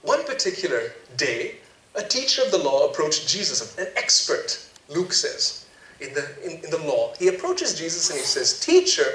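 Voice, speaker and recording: An enthusiastic male preacher gives a storytelling sermon in a fairly high, animated voice with a bright edge. He sounds distant from the mic, with a roomy echo and faint noise behind him. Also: normal speed. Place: large event venue. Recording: echoey hall, distant mic.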